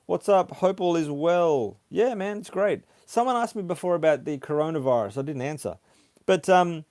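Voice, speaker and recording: A man hosting a casual livestream, chatting haltingly as he reads viewer comments aloud. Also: a little high, darkish tone, no room sound, clean studio sound. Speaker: livestream host. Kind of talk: casual live chat reading comments.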